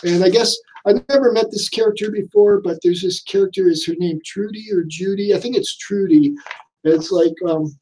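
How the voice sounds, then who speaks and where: A man's voice: sits high, normal speed, darkish tone, slight background noise, poor audio. A man chatting casually about a comic book, rambling and full of fillers. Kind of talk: casual chat.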